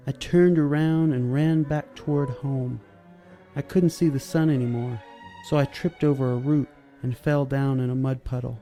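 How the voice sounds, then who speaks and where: Gravelly, dark-voiced man reading a story. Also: medium pitch, steady tone, normal speed, faint music behind. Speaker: narrator.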